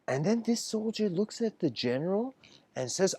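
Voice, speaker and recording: Telling stories in a casual lecture, a man laughs often and acts out his characters' lines in quoted voices, with plenty of fillers and restarts. His mid-range voice swings hugely in pitch at normal speed, a little mellow with a breathy edge.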